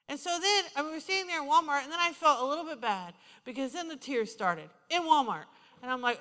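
A woman preaching a sermon, telling stories with passion and moving from loud declarations to hushed, intimate moments. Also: sits high, animated, a little fast. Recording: hall reverb.

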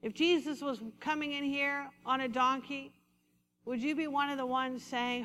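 Woman pastor preaching, high bright voice, echoey church hall. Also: steady tone, a little hiss or hum. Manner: preaching with call-and-response, slowing for emphasis. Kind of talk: sermon. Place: church sanctuary. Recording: reverberant hall.

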